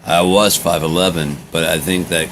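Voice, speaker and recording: A man's voice: sits low, fairly even intonation, moderate pace, fairly bright tone, a little hiss or hum. An American man talking casually in a meandering, drifting monologue, trailing off and jumping between topics. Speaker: vlogger recording a personal journal.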